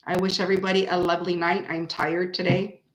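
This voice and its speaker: A woman's voice: lowish voice, brisk. Chatty woman reading tarot live, echoey room. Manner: chatty, animated, laughs often, talks to her chat. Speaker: tarot reader and live stream host.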